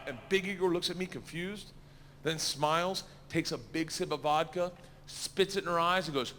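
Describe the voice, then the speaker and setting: A middle-aged man telling a story in stand-up, loud and animated, laughing at his own asides. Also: fairly high pitch, moderate pace, in a large hall, slight background noise. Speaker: stand-up comedian. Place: stage.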